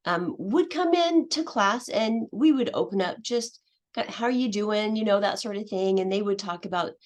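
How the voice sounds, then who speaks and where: A woman's voice: mid-range voice, animated, normal speed. A middle-aged woman, an English language teacher, giving a conference presentation in a hesitant way, with many fillers and restarts.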